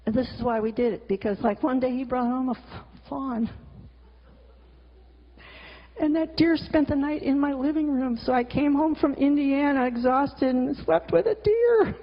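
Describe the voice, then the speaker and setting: A middle-aged woman with a high voice tells stories in a blunt, candid way, swearing freely and breaking in with exasperated asides. The recording is dull and lo-fi, and her voice rings with the long reverb of a large hall. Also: moderate pace, hardly any pauses. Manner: vivid storyteller, exasperated asides. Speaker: cartoonist and teacher giving a talk. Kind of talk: candid storytelling talk with slides.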